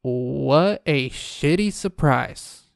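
A man's voice: mid-range voice, lively intonation, drawn-out words, creaky, clean tone, no echo, clean studio sound. Crude, exasperated ranting man. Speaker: comedic ranter. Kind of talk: profane comedic rant.

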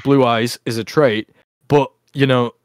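A man's voice: medium pitch, fairly even intonation, a little slow, clean tone, no echo, clean studio sound. A man hosting a casual podcast chat, rambling and provocative, often breaking into laughter.

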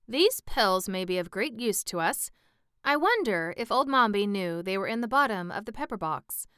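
An earnest young boy adventurer from a storybook, read by a woman. The voice is very smooth and resonant, in a dry recording without room sound, at a middle pitch lifted a little for the part. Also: sing-song, moderate pace, fairly bright tone, no room sound. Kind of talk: audiobook reading.

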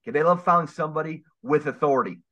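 Rapid-fire and forceful, a man talks as a podcast guest in a casual interview, sounding earnest, emphatic, and preacher-like. The fairly high, bright voice comes through a dull lo-fi recording.

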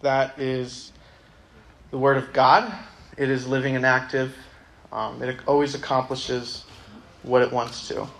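A man's voice: medium pitch, little pitch movement, a little slow, vocal fry, pauses often, a bit bright. A young man giving a casual, conversational sermon to a youth group, reading a Bible passage aloud. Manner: casual, conversational, many ums.

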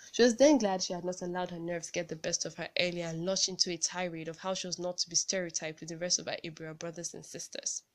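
A woman's voice: fairly low pitch, a little mellow. A Nigerian woman hosting a podcast, who talks casually and earnestly and reads one of her own stories aloud. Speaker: podcast host. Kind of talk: casual podcast talk and storytelling.

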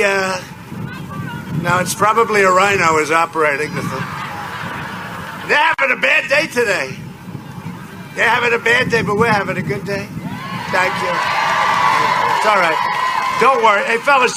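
A man giving a rambling, boastful campaign rally speech, repeating his phrases, outdoors. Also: sits high. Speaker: political candidate at a campaign rally. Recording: loud outdoor noise behind.

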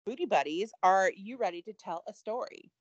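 A woman's voice: mid-range voice, expressive, normal speed, no room sound, dull audio. A woman co-hosting a podcast in casual chat, rambling and self-deprecating with frequent giggles. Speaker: podcast co-host.

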